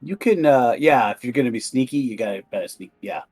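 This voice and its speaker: Hesitant young game master. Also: male voice, medium pitch, expressive, a little fast, darkish tone, slightly rough, no room sound, soft background music. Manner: hesitant, many ums and restarts. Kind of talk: narrating a tabletop horror game.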